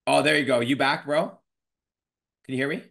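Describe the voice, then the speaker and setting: A man in his thirties hosts a podcast interview over a video call. He talks in an energetic, slangy, casual way, with a voice of ordinary middle pitch. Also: moderate pace, gravelly. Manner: energetic, slangy, says dude and bro. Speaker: podcast host.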